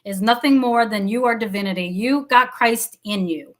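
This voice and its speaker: A woman's voice: fairly high pitch, normal speed, a bit bright. A woman minister co-hosting a casual spiritual chat, talking emphatically and swearing freely. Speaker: minister and show co-host.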